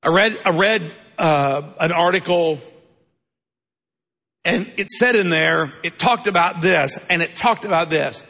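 A man's voice: on the high side, measured pace, vocal fry, pushed and bright. An older man who is a pastor, preaching a sermon with emphasis and rhetorical questions put to his congregation. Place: church sanctuary. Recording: long reverb of a large hall.

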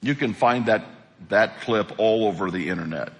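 A man preaching a sermon as pastor, animated, acting out quotes as he preaches. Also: fairly low pitch, moderate pace. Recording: echoey hall.

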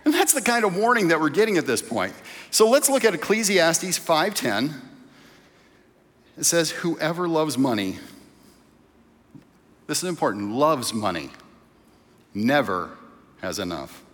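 A male pastor delivers a casual, story-driven sermon with a lively, swinging pitch. His voice carries the long reverb of a church hall. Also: measured pace, pauses often. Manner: conversational preaching, tells stories.

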